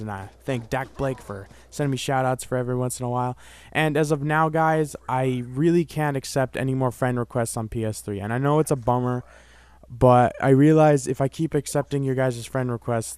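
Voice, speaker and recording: A man's voice: medium pitch, a little mellow, clean tone, no room sound. A young man vlogging, telling a personal story in a rambling, casual way, full of "like" and "you know".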